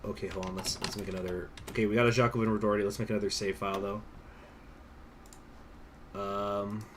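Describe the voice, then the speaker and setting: A man's voice: fairly low pitch, little pitch movement, a little fast, slight background noise. Rambling young male game streamer. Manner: rambling, swears freely, many fillers. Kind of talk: casual live-stream commentary.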